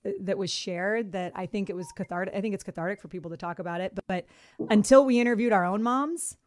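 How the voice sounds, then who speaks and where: A woman co-hosting a podcast, chatting casually with friends and talking in warm, effusive bursts with frequent restarts. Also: mid-range voice, quick pace, dry recording, studio quality. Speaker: podcast co-host.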